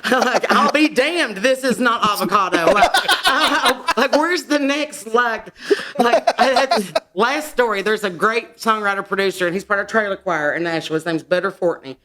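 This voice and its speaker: A woman's voice: a little high, normal speed, a bit bright. A woman, a podcast guest and songwriter telling stories in a blunt, profane way. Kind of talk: casual chat.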